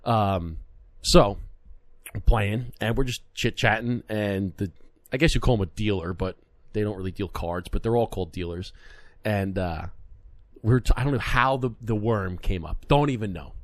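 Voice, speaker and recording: Guy in his 30s hosting a podcast, tells stories all animated, doing everyone's voices, dry studio sound. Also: fairly low pitch, normal speed, no echo. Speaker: podcast co-host. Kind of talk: casual storytelling chat.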